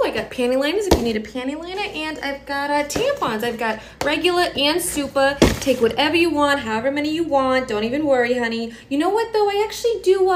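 A woman's voice: high voice, noisy background. A woman playing a doting school nurse in a comedy skit who calls everyone honey and sweetheart.

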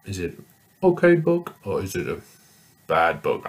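A man teaching young children, reading picture books aloud in a slow, sing-song, exaggerated way. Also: low-pitched, huge pitch swings, slightly rough.

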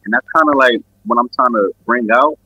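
A man's voice: medium pitch, brisk, pushed and bright, breathy edge, dry recording, lo-fi sound. A man from New York with a New York accent, a guest musician rambling in a laid-back, casual interview full of fillers. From Queens and Brooklyn, New York.

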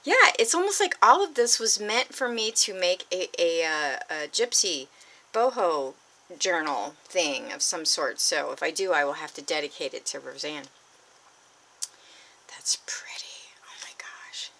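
Excitable woman crafter, bright, lowish voice, gushes and whispers. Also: moderate pace. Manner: gushing, excitable, drifts into breathy whispers. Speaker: crafting vlogger. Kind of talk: unboxing vlog.

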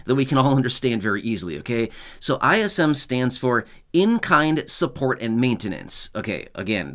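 Chatty man explaining benefit rules. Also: mid-range voice. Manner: chatty, self-correcting, chuckles at own jokes. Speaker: channel host explaining benefits news. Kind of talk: casual explainer monologue.

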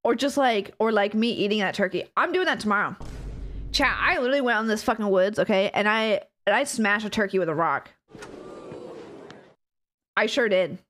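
A woman streaming live, chatting casually and excitedly with her viewers, giggling often and thanking them warmly. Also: mid-range voice, normal speed, pauses often, a little hiss or hum. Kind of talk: casual chat to a live audience.

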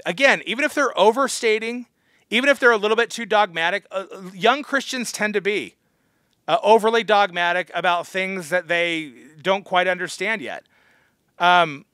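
Sharp, bright-voiced scolding pastor. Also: male voice, high-pitched, no room sound, clean studio sound. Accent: American. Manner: blunt, harsh and scolding. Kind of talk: Bible study teaching.

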